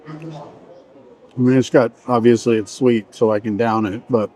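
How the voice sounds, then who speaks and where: Casually vlogging his way through an indoor buffet, a middle-aged man speaks with medium pitch, fairly even intonation, and a slightly mellow tone at a moderate pace. He rambles chattily, often trailing off mid-sentence while he eats.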